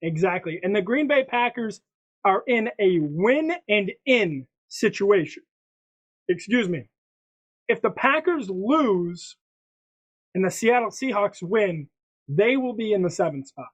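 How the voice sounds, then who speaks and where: Chatty sports podcast host, lo-fi. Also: male voice, sits high, animated, measured pace. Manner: chatty, hype-style presenting with frequent restarts. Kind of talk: casual sports chat. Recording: dull lo-fi sound.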